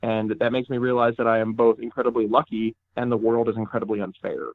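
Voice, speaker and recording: A man speaks reflectively, pausing and restarting often. He comes through a tinny, phone-like line. The sound is dry and close. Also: mid-range voice, level tone, no echo. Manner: reflective, halting, many restarts. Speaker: podcast guest. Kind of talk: casual chat.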